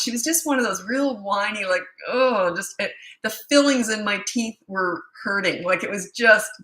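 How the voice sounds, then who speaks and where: A woman's voice: medium pitch, bright, forceful tone. A middle-aged woman parenting coach, answering viewer questions in a blunt, chatty way with storytelling asides. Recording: echoey room.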